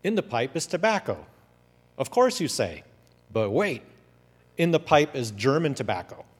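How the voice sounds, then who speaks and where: A man voicing a cheerful young male soldier reading his letter home in an excited, teasing way. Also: mid-range voice, moderate pace, breathy edge, voice pushed up. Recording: long hall reverb.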